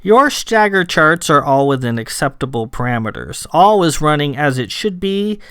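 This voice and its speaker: A man's voice: a little high, very animated, normal speed, fairly bright tone, smooth, no room sound, clean studio sound. A man reading the part of a cool, impatient official lord in a droll, clipped, bureaucratic manner.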